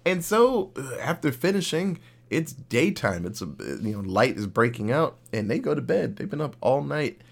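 A young man co-hosting a podcast, retelling a cartoon episode in a casual, profane, animated way. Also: mid-range voice, moderate pace, creaky, few pauses. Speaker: podcast co-host.

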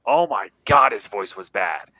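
Male podcast co-host, bright, excitable, stammers, dry close sound. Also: on the low side, measured pace, no echo, rough recording. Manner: animated, stammering restarts. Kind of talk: casual film chat.

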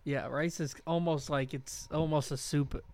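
A man's voice: fairly high pitch, fairly even intonation, a little slow, darkish tone, a little hiss or hum. A man co-hosting a casual chat podcast, laid-back, mostly giving short agreeing replies and the odd dry joke. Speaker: podcast co-host.

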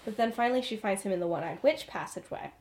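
A woman's voice: mid-range voice, animated, fast talker, darkish tone, slight background noise. A young woman casually recapping her own fan story for friends, chatty and full of "like", laughing often. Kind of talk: casual chat.

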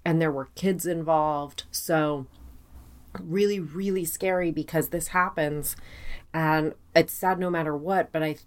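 A woman co-hosting a podcast, chatting casually and retelling stories and news with animated storytelling. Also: deep voice, a little slow. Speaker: podcast co-host. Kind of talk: casual chat.

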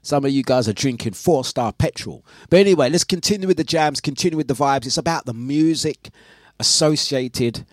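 A man's voice: mid-range voice, brisk. A man hosting a casual breakfast radio show, chatting, reading listener messages and laughing often. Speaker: radio DJ and host.

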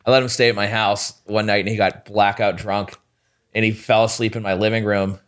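A man appearing as a comedian guest on a podcast, telling stories with a lot of filler in an animated way. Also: lowish voice, a little fast. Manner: animated storyteller, lots of filler. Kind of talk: casual chat.

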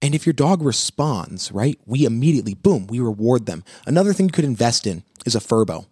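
A man hosting a live pet advice talk, walking viewers through dog training steps in an energetic, coaching way. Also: medium pitch, fairly quick, breathy edge, no room sound, studio quality.

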